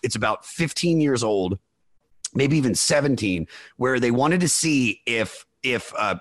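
A man hosting a podcast, telling rambling stories in excited casual chat. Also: mid-range voice, measured pace, dry recording. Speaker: podcast host.

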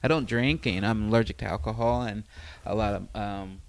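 A man from Chicago's South Side, a comedian guest telling stories in a soft-spoken, gently amused, unhurried way. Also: on the low side, vocal fry, no echo. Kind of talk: casual chat.

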